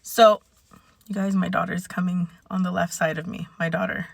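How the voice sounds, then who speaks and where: A woman's voice: on the low side, flat delivery, moderate pace, vocal fry, breathy edge, no room sound. A woman in her forties talking in a casual, rambling and candid vlog rant. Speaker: vlogger.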